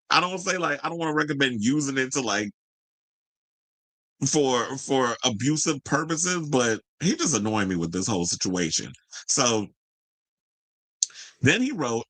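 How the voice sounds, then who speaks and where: A man hosts a celebrity gossip podcast, reading out the news before launching into brash, profane, sassy rants that leap up into high exclamations. His voice is pushed and bright, and the recording is dry and rough. It's unscripted commentary.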